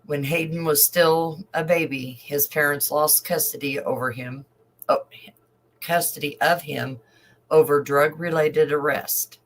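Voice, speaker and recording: A man's voice: a little high, fairly even intonation, a bit bright, poor audio. A man reading a news story aloud and adding emotional asides as an online commentator. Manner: slow, emotional asides between read passages.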